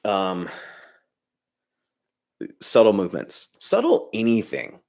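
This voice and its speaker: A filmmaking YouTuber hosts a casual livestream chat in a low, gravelly, slow voice. He rambles through animated rants with frequent restarts and reads out chat comments.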